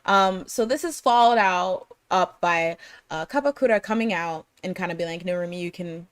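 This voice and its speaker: A woman hosting a casual anime chat, rambling through a recap with many fillers and quick laughs. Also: on the low side, a little hiss or hum. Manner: chatty, lots of fillers and laughter. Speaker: podcast host.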